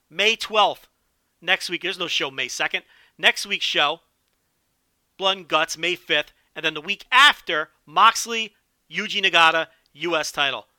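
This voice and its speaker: A man hosting a solo podcast with animated, profane, joking commentary. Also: fairly high pitch, no room sound, clean studio sound. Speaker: podcast host.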